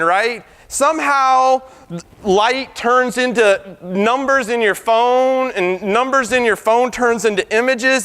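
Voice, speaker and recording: A computer science professor giving an animated debate speech, firing rhetorical questions at the crowd. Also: male voice, very high voice. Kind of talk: lively debate speech to an audience. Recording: reverberant hall.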